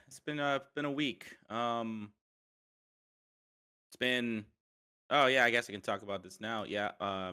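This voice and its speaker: Giggly, bright-voiced male co-host. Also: mid-range voice. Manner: giggly, laughs often, loose and chatty. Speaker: podcast co-host. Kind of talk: casual chat.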